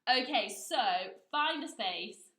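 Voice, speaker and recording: A woman's voice: fairly high pitch, expressive, takes it slowly, fairly bright tone, roomy sound. A woman teaching a drama lesson to children, talking straight to them in an encouraging way and acting out different levels of anger.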